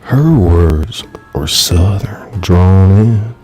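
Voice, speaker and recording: Deep-voiced man narrating a thriller. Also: animated, dark tone, soft background music. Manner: measured, dramatic storytelling. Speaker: author reading his novel. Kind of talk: live audiobook narration.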